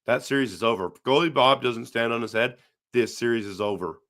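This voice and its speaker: A man's voice: mid-range voice, a little fast, fairly bright tone. A middle-aged man from Canada hosting a casual hockey live stream, reading viewer comments aloud and answering them in a chatty way.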